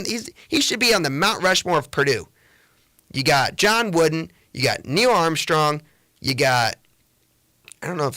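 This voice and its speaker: A young man hosting a solo sports podcast in a casual, rambling way, often correcting himself mid-sentence. His voice is bright and forceful and sits a bit high. The sound is dry and close, with no room echo. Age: young adult. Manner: chatty, rambling, self-correcting; excitable sports opinions. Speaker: podcast host.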